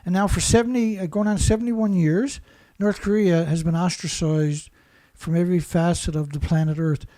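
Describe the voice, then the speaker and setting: A show host with a high, steady, warm voice rants angrily at a normal speed with few pauses. His monologue is packed with insults, and he keeps repeating himself.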